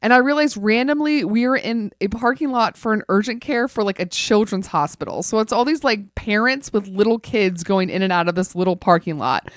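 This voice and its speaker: A woman in casual podcast chat, telling an animated story full of "like" fillers. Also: medium pitch, a little fast, few pauses, no echo, studio quality.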